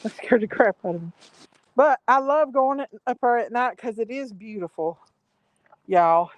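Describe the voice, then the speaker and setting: The recording is muffled, coming from a phone or laptop as this woman from Tennessee livestreams around her farm, outdoors then inside her home. Her voice is on the high side, expressive and measured, as she rambles casually and calls her viewers y'all.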